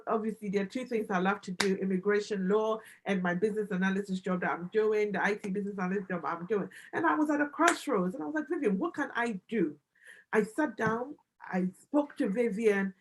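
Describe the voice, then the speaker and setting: A woman in her thirties, a business analyst and immigration adviser, talking excitedly as a guest on a livestream and often repeating herself for emphasis. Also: medium pitch, a little hiss or hum, rough recording.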